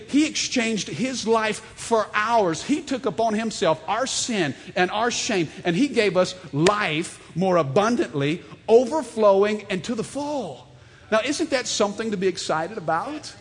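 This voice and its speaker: High-voiced preacher in a reverberant church. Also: male voice, breathy edge. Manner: animated, storytelling, calls for audience response. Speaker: pastor. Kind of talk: sermon. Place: church sanctuary. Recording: long hall reverb.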